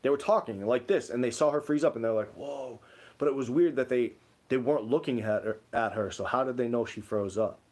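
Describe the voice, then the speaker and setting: A man's voice: mid-range voice, fast, a little mellow. Rambling man chatting on a livestream. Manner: rambling storytelling, many "like" fillers. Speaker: livestream co-host. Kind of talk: casual livestream chat reading comments.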